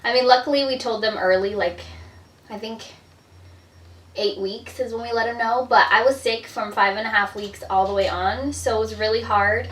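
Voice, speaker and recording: Filming indoors at home, a young adult vlogger chats through a pregnancy update, slightly breathless and leaning heavily on "like" and "um." Her voice is fairly high, steady and a bit bright, at a moderate pace. The distant mic gives the recording a roomy echo.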